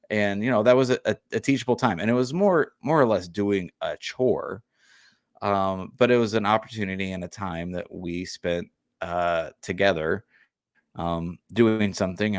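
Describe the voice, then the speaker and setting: Lower-voiced dad rambling on a podcast. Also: male voice, no room sound, studio quality. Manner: rambling, with many fillers and restarts. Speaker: podcast co-host. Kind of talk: casual chat.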